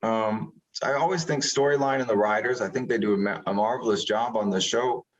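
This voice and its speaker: A man's voice: on the low side, a little fast, dull audio. Rambling man in casual interview. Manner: rambling, animated when retelling scenes. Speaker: actor being interviewed.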